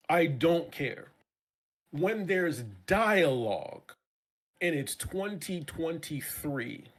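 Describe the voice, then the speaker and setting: A man's voice: on the high side, fairly bright tone. A man as a guest on a casual live-stream chat show, ranting passionately with many repeats and profanity.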